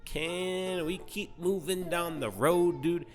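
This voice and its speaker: A man voicing a sheltered young prince who talks in loud, profane, panicky slang. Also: on the low side, expressive, moderate pace, soft background music. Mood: freaked out.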